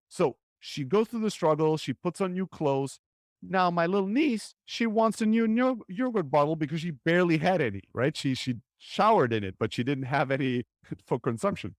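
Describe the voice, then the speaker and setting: A man's voice: fairly high pitch, expressive, normal speed, no room sound, clean studio sound. A man hosting his own podcast, telling a personal story in an earnest, reflective way and often checking in with "right?". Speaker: podcast host.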